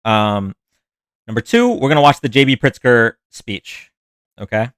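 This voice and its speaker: A man's voice: mid-range voice, measured pace, fairly bright tone, clean tone, no room sound. A man hosting a live stream in a casual, rambling way, chatting with viewers and reacting to their comments. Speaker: livestream host. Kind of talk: casual livestream chat.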